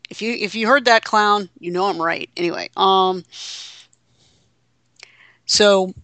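A woman's voice: medium pitch, unhurried, fairly bright tone, no room sound. A woman co-hosting a casual wrestling podcast, wry and teasing. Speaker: podcast co-host.

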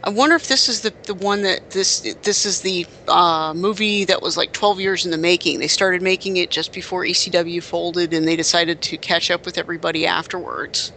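A man's voice: sits high, steady tone, moderate pace, gravelly, few pauses, pushed and bright, a little hiss or hum. A man co-hosting a casual podcast, telling stories in a rambling way with frequent restarts and fillers. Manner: rambling, self-correcting storyteller. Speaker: podcast co-host. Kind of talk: casual chat.

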